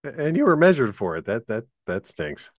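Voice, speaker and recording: A man's voice: medium pitch, very animated, a little fast, dry recording. A man co-hosting a podcast, chatting casually, laughing often and making dry, wry remarks. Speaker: podcast co-host. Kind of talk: casual chat.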